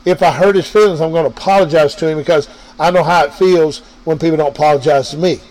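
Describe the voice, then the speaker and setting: A man's voice: on the high side, steady tone, fast, darkish tone, rough recording. A man preaching an informal sermon, repeating his points and talking straight to his listeners. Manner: preachy, repetitive, addresses listeners directly. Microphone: online radio or podcast mic.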